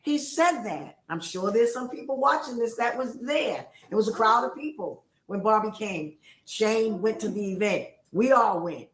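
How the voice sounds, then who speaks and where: A woman's voice: a little high, lively intonation, normal speed, few pauses. A middle-aged woman on a livestream, emotional and accusatory, repeating her points as she rants. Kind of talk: heated livestream rant. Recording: roomy echo.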